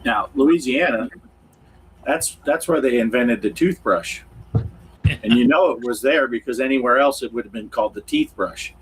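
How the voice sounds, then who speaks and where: A man's voice: mid-range voice, moderate pace, slight background noise, low-quality recording. A man from Pennsylvania co-hosting a casual livestream chat, rambling through stories and chuckling as he goes. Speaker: co-host.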